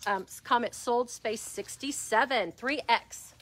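A woman hosting a live resale-shop sale, describing clothes and prices in chatty, upbeat patter with plenty of fillers, speaking loudly without her own mic in a shop. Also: a little high, a little slow. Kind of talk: live shopping stream chat. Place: shop interior. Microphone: no microphone, speaking loudly.

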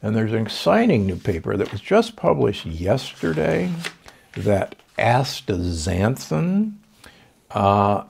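Older doctor guy talking supplements, low gravelly voice, confident. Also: darkish tone. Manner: confident, explanatory, with fillers. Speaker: doctor, podcast host. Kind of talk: conversational health advice.

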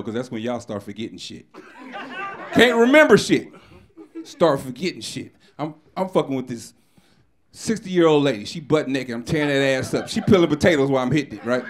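A man doing a loud, crude stand-up comedy set on a club stage, shouting many punchlines. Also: a little high. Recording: live stage recording with crowd. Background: audience laughing.

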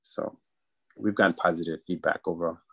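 A man's voice: deep voice, steady tone, fairly quick, creaky, bright, forceful tone, slightly rough. Musician guy on a video call, lots of likes and ums, laid back. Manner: hesitant, many fillers like "like". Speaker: musician guest. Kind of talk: casual interview talk.

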